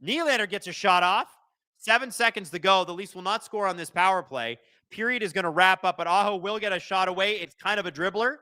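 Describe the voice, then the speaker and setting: A young man hosting a live watch-along of a hockey game, calling the plays fast and shouting at the referees. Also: high-pitched, no echo, studio quality. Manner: excitable, shouts and swears at the referees.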